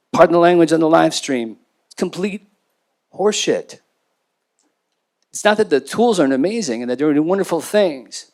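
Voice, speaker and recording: A man speaking as a panelist, talking intensely and emphatically in a university lecture theater. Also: on the high side. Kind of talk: impassioned panel talk.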